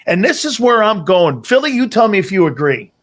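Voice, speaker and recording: Excitable male co-host, high lively voice, swearing anecdotes. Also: fairly quick. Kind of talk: casual sports talk.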